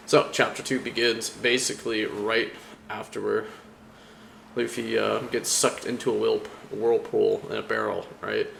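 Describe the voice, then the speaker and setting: A man's voice: fairly low pitch, flat delivery, a little slow, creaky, a bit bright, a little hiss or hum. A young man chatting casually about a comic, rambling with lots of fillers and frequent laughter. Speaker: anime vlogger. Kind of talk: casual chat.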